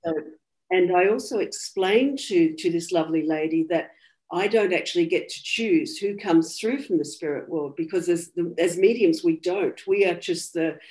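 A woman's voice: lowish voice, moderate pace. An Australian woman, a medium, earnestly retelling a reading in an interview and quoting what was said. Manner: earnest, soft-spoken retelling with quoted dialogue. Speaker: medium, guest. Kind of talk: personal storytelling in interview.

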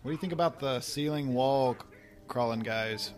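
Man, podcast host, casual commentary, middle pitch, chatty, laughs a lot. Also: normal speed, faint music behind. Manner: chatty, laughs often, loose restarts.

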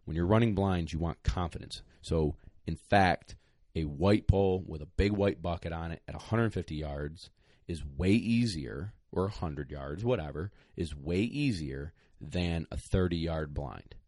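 Deep-voiced, blunt man giving training advice. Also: measured pace, few pauses, mellow, no room sound, clean studio sound. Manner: blunt, plain-spoken, emphatic. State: a little out of breath. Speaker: retriever trainer, guest. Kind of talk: casual podcast advice.

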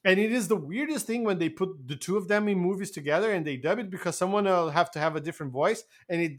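Joking Portuguese-native man, slightly high voice. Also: fast. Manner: animated, joking storyteller who swears casually. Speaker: podcast co-host. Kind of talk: casual chat.

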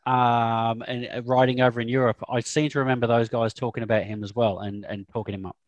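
A man, hosting a casual motorsport chat with a lively, joking manner. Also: medium pitch, fairly quick, no echo, lo-fi sound. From Australia. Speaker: podcast host.

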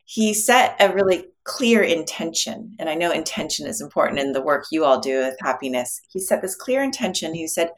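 Low-voiced woman telling a story. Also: lively intonation, brisk, few pauses. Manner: storytelling, reflective. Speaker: guest, clinical psychologist. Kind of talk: interview conversation.

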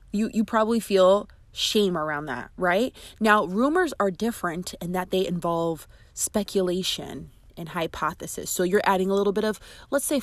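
A woman's voice: lowish voice, no room sound. Chatty woman podcast host. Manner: chatty and emphatic, with asides and laughs. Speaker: podcast host and friendship coach. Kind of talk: scripted podcast narration and advice.

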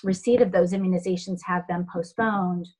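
A woman who runs a health center, answering interview questions in a thoughtful, halting way with many fillers. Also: lowish voice, fairly even intonation, darkish tone, low-quality recording.

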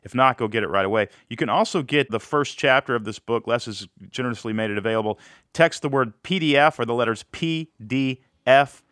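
A man's voice: medium pitch, fairly quick, fairly bright tone, smooth, no room sound. A man hosting a podcast, talking in an enthusiastic, conversational way into a close mic. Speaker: podcast host. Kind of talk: podcast interview and wrap-up.

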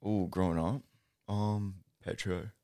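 A young man in casual podcast chat, easygoing and quick with short agreeing replies and slang. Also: sits low, steady tone, a little mellow, dry recording, studio quality.

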